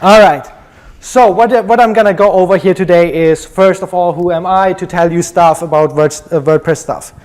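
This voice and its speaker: A man's voice: sits high, normal speed, a little mellow. A young man from Germany with a German accent, giving a chatty, joking conference talk full of ums. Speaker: conference speaker.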